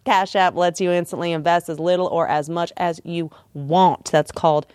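A woman's voice: on the low side, fairly even intonation, a little mellow, no echo, clean studio sound. A woman hosting a podcast, reading a sponsor ad in a playful, joking way and laughing often. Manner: joking, laughs often, rushes through ad copy. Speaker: podcast host. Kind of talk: playful ad read.

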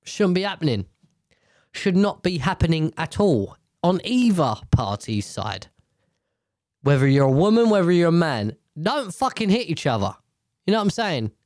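The host's voice is a little high with big pitch swings, a moderate pace, and a darkish tone. Alone at a home table, he rambles through his podcast, cursing freely and restarting sentences, in an echo-free, studio-quality recording.

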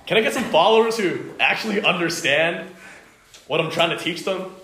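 A pampered young man pleads with his dad for a nicer life and an easier road, as a man acts him out mid-sermon. The whine sits a little high in his voice. The room echoes and faint noise runs under it. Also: normal speed, pushed and bright. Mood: whining. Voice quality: whiny, bargaining.

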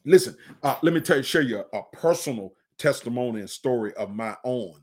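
A middle-aged man preaching in a podcast, earnest, often repeating and restarting phrases and slowing down to stress a point. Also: mid-range voice, animated, a little mellow. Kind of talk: conversational podcast sermon.

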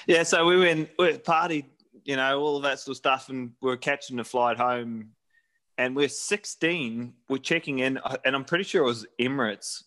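A man's voice: medium pitch, steady tone, normal speed, a bit bright. A man in his thirties from New Zealand, casually telling a travel story with lots of fillers and restarts.

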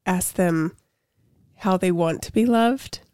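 A woman's voice: on the low side, slow pace, a little mellow, smooth, dry recording. A woman in her thirties co-hosting a casual podcast, telling rambling stories full of fillers. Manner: rambling storyteller, many "like" fillers. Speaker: podcast co-host. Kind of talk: casual chat.

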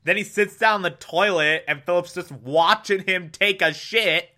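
A man giving a casual, animated recap of a TV episode, with frequent exclamations. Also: high-pitched, moderate pace. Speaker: show recapper.

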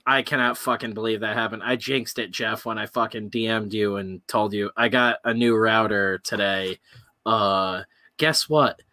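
Profane, animated man on a podcast. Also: lowish voice, normal speed, dry recording. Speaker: podcast co-host. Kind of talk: casual podcast chat. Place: home, recording remotely. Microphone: headphones with remote podcast mic.

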